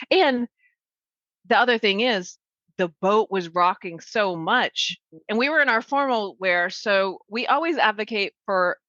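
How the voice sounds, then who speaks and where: A woman who grew up in Maine chats animatedly as a podcast co-host, leaning into her stories. Her voice sits at a middle pitch. The recording is dry and slightly dull, with no room sound. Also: dry recording. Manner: chatty, animated storytelling. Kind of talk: casual chat.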